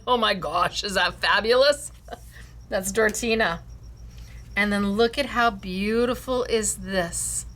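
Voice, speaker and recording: Enthusiastic craft-class host, woman, bright tone, slow easy delivery, gushes over students' work. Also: mid-range voice. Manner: enthusiastic, gushing, laughs often. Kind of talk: showing and praising students' cards.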